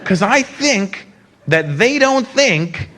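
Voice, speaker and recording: Animated male stand-up comic. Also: sits high, slow. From North America. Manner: conversational, animated storytelling with asides. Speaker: stand-up comedian. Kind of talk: stand-up comedy routine. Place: theater stage before a live audience. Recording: live recording with loud crowd and room noise.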